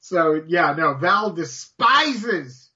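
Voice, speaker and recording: Man co-hosting, bright animated voice, jokey and teasing. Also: on the high side, extremely slow, slightly rough. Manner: teasing, lively banter. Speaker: podcast co-host. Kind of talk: casual chat. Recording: dull lo-fi sound.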